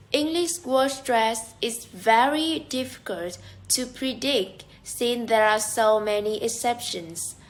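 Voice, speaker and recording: Brief: young female student, higher voice, slow and deliberate reading. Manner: careful reading, repeating example words. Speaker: student presenter. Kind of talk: reading a class presentation.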